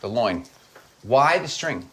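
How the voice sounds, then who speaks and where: A man with a medium-pitched voice speaks earnestly and asks curious questions. He is a guest in a relaxed podcast chat held in a kitchen. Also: slow, slightly rough.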